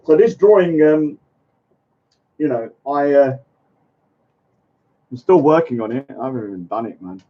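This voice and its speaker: A man's voice: mid-range voice, expressive. Rambling man on a muffled stream. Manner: rambling, halting with many fillers, greets viewers by name. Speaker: live streamer. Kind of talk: casual live stream chat.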